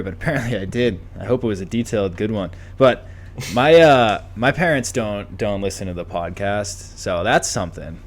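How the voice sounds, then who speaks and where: Lower-voiced man in laid-back banter. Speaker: podcast co-host. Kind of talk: casual podcast chat.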